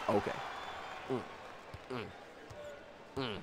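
A young man giving casual live commentary on his own basketball video game, excitable and often repeating himself as he talks to the players on screen. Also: medium pitch, normal speed, a crowd in the background, background noise. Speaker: gaming YouTuber.

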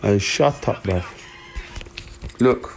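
A man's voice: fairly low pitch, very slow, creaky, music in the background. A young man chatting casually and in to his livestream viewers on a phone mic. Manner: laid-back, slangy, talks to his chat.

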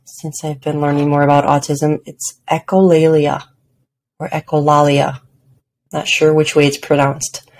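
A woman hosts her own casual solo podcast, talking self-deprecatingly about her daily habits and often laughing at herself. Her voice is low-pitched and a little mellow, with a completely flat delivery at normal speed.

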